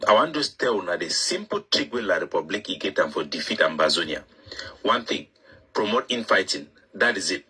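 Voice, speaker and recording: Man, Cameroonian Pidgin accent, low voice, sharp and tense tone, matter-of-fact, explanatory. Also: lively intonation, brisk, husky, poor audio. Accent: Cameroonian Pidgin English.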